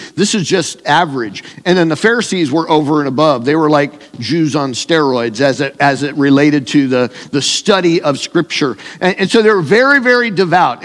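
A pastor talks his congregation through scripture in an easy conversational sermon, often stopping to restart a thought. His voice sits a touch high for a man. A long hall reverb trails each phrase. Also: fairly bright tone. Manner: conversational preaching with fillers and restarts.

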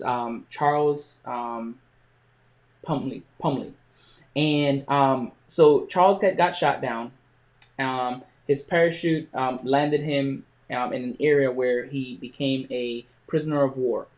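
Man, podcast host, motivational storytelling, halting delivery, frequent restarts, mid-range voice. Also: mid-range voice, steady tone, darkish tone.

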